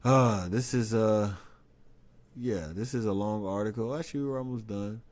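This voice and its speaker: Guy hosting a stream, lowish voice, reads an article then cuts in all disbelieving, trips over his words. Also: moderate pace, darkish tone. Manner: reads an article aloud, breaking off to react in incredulous asides; frequent stammered restarts. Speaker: host. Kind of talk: casual live-stream commentary.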